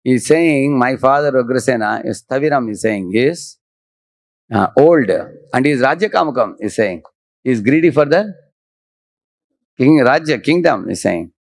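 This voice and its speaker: A man's voice: medium pitch, lively intonation, a little slow, long pauses, no room sound. A man giving a devotional scripture lecture, chanting Sanskrit verses and explaining them line by line. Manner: explains verse by verse, often repeating "he's saying".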